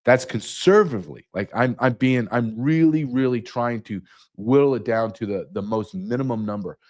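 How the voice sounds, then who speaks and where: A man's voice: medium pitch, moderate pace, darkish tone. A man speaking as a guest, emphatic and repeating key numbers for effect. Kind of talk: emphatic interview talk.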